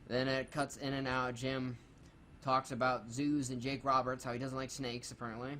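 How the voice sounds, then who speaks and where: A man's voice: medium pitch, flat delivery, normal speed, fairly bright tone, slight background noise. Sarcastic man swearing through a review. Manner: reads notes aloud, swears freely, sarcastic. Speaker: co-host reviewing a wrestling show. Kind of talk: casual, profane review commentary.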